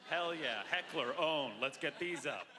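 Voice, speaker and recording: A man in his thirties from Canada performing a loud, excitable stand-up comedy set with mock bravado. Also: a little high, a little slow, noisy background. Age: 30s. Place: large theater stage. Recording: live stage audio with long hall reverb.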